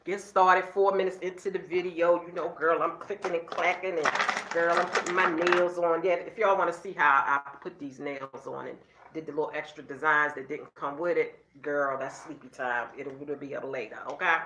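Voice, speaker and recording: A deep, flat voice at a moderate pace carries this middle-aged vlogger's chatty, casual story to her viewers, with background noise behind her. She often tacks okay onto sentences and addresses viewers as girl and y'all. The room echoes and the recording sounds slightly dull.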